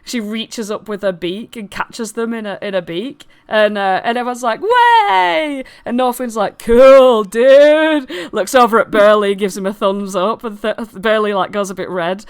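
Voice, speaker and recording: A woman running a tabletop game, narrating scenes in a lively, giggly way. Her voice sits in the middle range, and she fills the gaps with lots of "um"s and "like"s. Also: mid-range voice, normal speed, few pauses. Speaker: game master.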